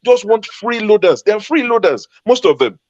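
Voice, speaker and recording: A man's voice: sits high, sing-song, normal speed, dry recording. A man from Ogun State in Nigeria, a panel guest arguing emphatically in a heated debate and repeating his points for force. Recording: dull lo-fi sound.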